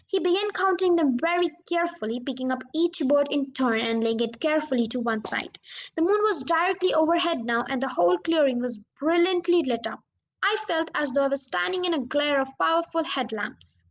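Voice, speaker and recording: Woman narrator, audiobook reading, children's novel, high voice, steady storytelling. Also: fairly quick. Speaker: podcast reader.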